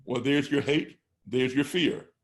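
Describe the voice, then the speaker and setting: This is a middle-aged man from the United States, speaking as a guest on a podcast. His voice sits at an ordinary pitch with a gravelly, fried texture. He stresses his points hard and builds them one step at a time. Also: measured pace. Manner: emphatic, builds points step by step, acts out classroom exchanges. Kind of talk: conversational storytelling.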